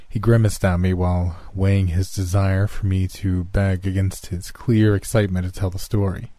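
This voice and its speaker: Low dark-voiced male horror narrator. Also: level tone, moderate pace, few pauses, dry recording.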